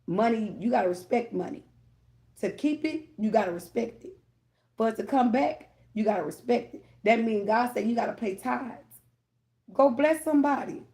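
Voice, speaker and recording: A woman with a gravelly, warm voice talks straight to her viewers as a tarot reader. She rambles candidly and keeps checking in with them between thoughts. Her tone stays mellow and informal throughout. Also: mid-range voice. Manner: candid, rambling, addresses viewers with "y'all" and "okay?". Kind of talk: casual spiritual talk to viewers.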